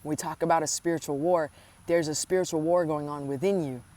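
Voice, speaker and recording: Woman, spiritual coach, lowish voice, earnest and affectionate, repeats lines for weight. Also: steady tone, brisk, mellow, dry recording. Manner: earnest, affectionate, addresses listener directly; repeats phrases for emphasis. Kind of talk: inspirational spiritual talk.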